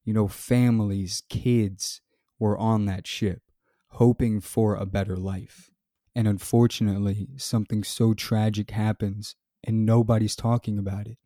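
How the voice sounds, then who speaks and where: A man hosting a solo podcast, reading news details and then giving his earnest, measured opinion. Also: on the low side, flat delivery, mellow, no room sound, studio quality. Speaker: podcast host. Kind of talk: scripted solo commentary.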